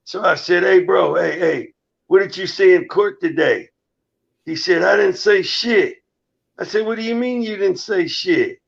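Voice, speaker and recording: A man's voice: sits high, normal speed, vocal fry, lo-fi sound. A middle-aged man telling stories in casual, profane live-stream talk and acting out the dialogue. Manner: storytelling, profane, re-enacting dialogue.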